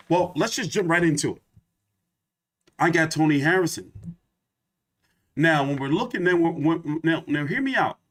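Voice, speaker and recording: Animated, profane man ranting about boxing. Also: on the high side. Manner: profane, emphatic ranting with repetition. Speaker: boxing YouTube host. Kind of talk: live boxing commentary rant.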